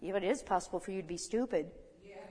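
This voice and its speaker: A woman's voice: mid-range voice, rapid-fire, mellow, breathy edge. An older woman in her seventies giving conversational Bible teaching as a teacher, folksy, with chuckling asides and rhetorical questions. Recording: reverberant hall.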